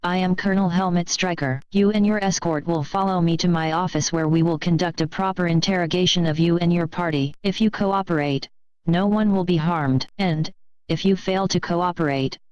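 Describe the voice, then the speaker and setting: Woman doing a cold formal nazi colonel, german accent, low-ish voice, dry sound. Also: normal speed, a little mellow, dry recording, dull audio, natural voice. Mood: menacing. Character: menacing male Nazi colonel interrogator.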